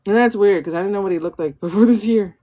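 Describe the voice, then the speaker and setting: Speaking fast in a mellow, medium-pitched voice, this woman runs a tarot reading livestream from her phone. A tarot and pendulum reader, she thinks out loud, greets viewers by name, and poses questions to herself before answering them.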